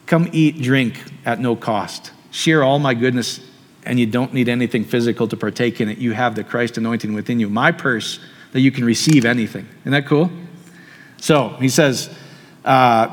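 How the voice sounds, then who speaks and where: A man preaching a sermon in a relaxed, conversational way, often asking the audience questions. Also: medium pitch, moderate pace. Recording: long hall reverb.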